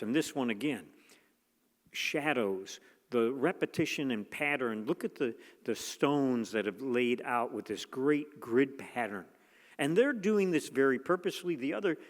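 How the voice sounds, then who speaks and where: A man giving a museum gallery talk to an audience, enthusiastic and exclamatory, with many fillers and restarts. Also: medium pitch. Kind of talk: lecture to an audience. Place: museum lecture hall. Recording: long hall reverb.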